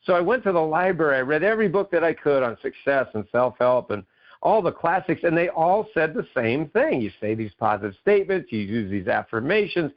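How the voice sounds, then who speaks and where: On dull lo-fi radio, a guest author and keynote speaker from Maine, USA shares his story with enthusiasm. He speaks fairly quickly in a fairly high, sing-song voice.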